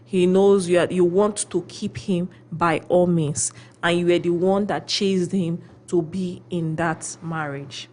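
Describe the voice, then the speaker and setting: A woman on a radio show giving relationship advice. She tells stories with lively acted quotes and often checks in with "okay?". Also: lowish voice, unhurried, hardly any pauses, a little hiss or hum. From Philippines. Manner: animated storyteller, acts out quotes.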